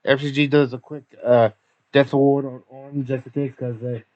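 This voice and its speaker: Halting man recapping a game. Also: mid-range voice, level tone, a little mellow, no echo, lo-fi sound. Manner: halting, many fillers and restarts. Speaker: recap narrator. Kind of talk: casual recap narration.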